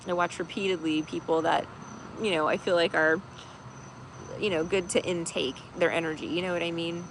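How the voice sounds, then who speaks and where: A woman's voice: fairly low pitch, steady tone, moderate pace, noisy background. A woman chatting casually on a livestream as a tarot reader host, rambling with many fillers and laughing easily. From United States.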